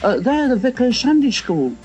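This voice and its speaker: A man's voice: extremely high pitch, big pitch swings, moderate pace, a little mellow, soft background music. A man voicing a busy, polite man asking a favour in storybook narration, hesitant in manner, on dull lo-fi archive audio.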